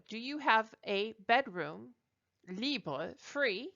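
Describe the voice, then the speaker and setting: A woman teaching a recorded French lesson, talking deliberately with frequent ums and uhs and modelling phrases for repetition. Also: mid-range voice, sharp tone, lo-fi sound.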